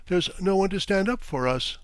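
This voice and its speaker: A man's voice: high voice, animated, normal speed, clear, resonant tone, no echo, pitched above the performer's own voice. A man voicing a tearful, indignant female servant who protests plaintively against her master.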